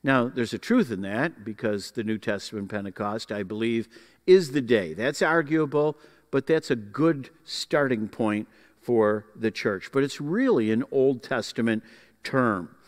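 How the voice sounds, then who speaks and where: A man teaching a Bible class in a folksy, explanatory way, pausing often to find his words. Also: medium pitch, long reverb tail. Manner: folksy, explanatory, with frequent uh fillers.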